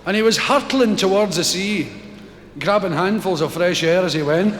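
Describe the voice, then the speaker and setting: A Scottish man doing live stand-up, telling stories in a lively, animated way, recorded in a concert hall. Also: sits high, normal speed, a little hiss or hum. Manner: lively, animated storytelling with laughs. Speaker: stand-up comedian.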